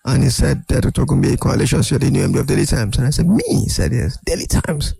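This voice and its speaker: An older man, a guest in an interview, telling animated anecdotes and acting out other people's voices. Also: mid-range voice, fast, vocal fry, breathy edge, no room sound. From Nigeria. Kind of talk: storytelling interview.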